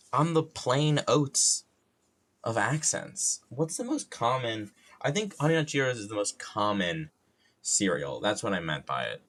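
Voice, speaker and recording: A man's voice: mid-range voice, a bit bright. A man from New York streaming live, rambling casually in a self-mocking, loosely profane way with a plain, neutral accent.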